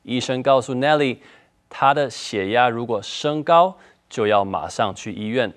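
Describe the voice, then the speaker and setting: A man explaining English lesson points calmly in a bilingual segment. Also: mid-range voice, moderate pace. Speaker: teacher explaining in Chinese.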